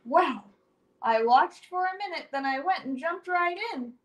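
A young woman storyteller reading a rhyming picture book aloud to children in an animated, sing-song way with dramatic swings. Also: sits high, a little slow, highs cut off. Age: young adult.

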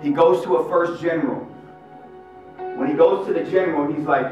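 A man, a Catholic youth minister, giving an energetic live faith talk with street slang. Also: fairly high pitch, brisk, dull audio. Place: large hall with live audience. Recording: echoey hall, mic far off. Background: guitar music.

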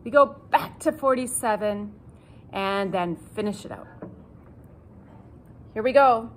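A patient cello teacher counts in and calls out notes as the instrument plays along, repeating instructions and joking at her own expense. She takes it slowly in a medium-pitched voice, and there is slight background noise.

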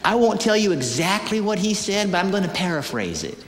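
A man preaching a sermon, telling a story in an animated way with many hesitant fillers. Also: high-pitched, a little fast. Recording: echoey hall with long reverb.

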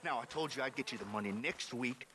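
An actor playing a quick-tempered male ranch hand in a western video game, snappish and swearing. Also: medium pitch, noisy background, close to an everyday voice. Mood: angry.

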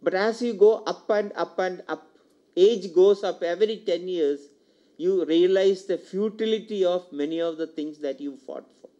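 An older man with an Indian English accent gives a public lecture in a lecture hall, speaking as a university lecturer. His voice is high and warm, and he keeps a moderate pace while posing rhetorical questions to the audience and repeating his key points. The recording is dull and lo-fi.

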